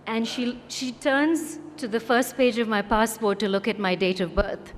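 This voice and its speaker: A woman's voice: on the high side, fairly even intonation, normal speed. Woman from india telling a wry story on a panel, acts out the back and forth, bit of hall echo and faint hiss. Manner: wry anecdotal storytelling, acting out quoted exchanges. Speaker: conference panelist, former lawyer. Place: conference hall. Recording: echoey hall with faint noise.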